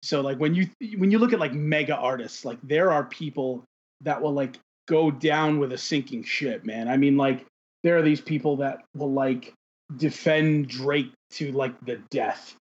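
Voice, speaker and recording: A man's voice: medium pitch, normal speed, husky. A man co-hosting a casual chat, rambling through questions with many restarts. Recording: dull lo-fi sound.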